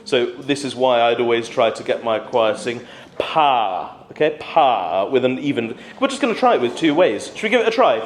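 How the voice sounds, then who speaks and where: A man, coaching singers through a diction workshop in a calm, encouraging way. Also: medium pitch, fast, hardly any pauses, a little hiss or hum. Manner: patient, encouraging coaching with sung demonstrations. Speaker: choir director leading a diction workshop. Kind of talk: singing workshop instruction. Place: hall at a conference. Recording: echoey hall.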